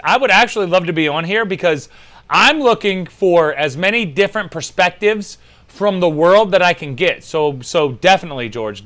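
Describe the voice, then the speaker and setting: A young American man hosts a loose podcast, reading chat messages and riffing with plenty of swearing and loud laughs. His voice sits high and swings widely. It has a bright, sharp edge. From United States. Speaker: podcast host. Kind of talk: casual chat reading live chat.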